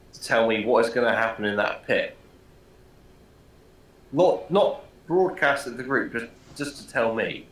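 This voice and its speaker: A man's voice: medium pitch, fairly bright tone. A man in the middle of a tabletop game talks through his plans eagerly, repeating himself as ideas come. His voice sits mid-range and rings in an echoey room. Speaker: player.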